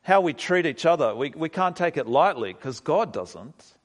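A man preaching a sermon as pastor, lively, with sudden leaps in pitch and pointed rhetorical questions. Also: normal speed. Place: church hall. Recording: long reverb of a church hall.

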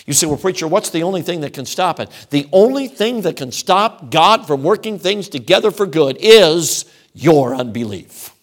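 A middle-aged man preaching with a fairly high voice that leaps up and drops low. He hammers home his points in rhythmic, repeated phrases. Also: animated, moderate pace, few pauses. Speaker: traveling preacher. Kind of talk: sermon.

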